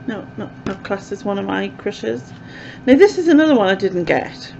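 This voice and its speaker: A woman's voice: mid-range voice, expressive, normal speed, gravelly, muffled recording, noisy background. Chatty woman vlogging. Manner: chatty and rambling, with lots of "um" and "like". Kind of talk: casual chat to camera.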